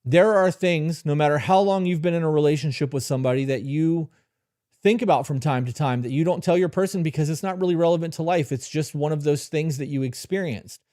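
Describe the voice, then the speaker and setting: A man's voice: a little high, a little fast, dark tone, no room sound, clean studio sound. A man hosting a live stream, giving blunt, profane relationship advice and answering chat questions directly. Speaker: host.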